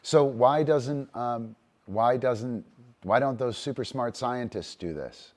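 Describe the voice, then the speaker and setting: Taking it slowly, a middle-aged man hosts a casual talk about dog training, his voice medium-pitched with a darkish tone. The monologue is rambling and emphatic, full of casual swearing and points capped with "right?"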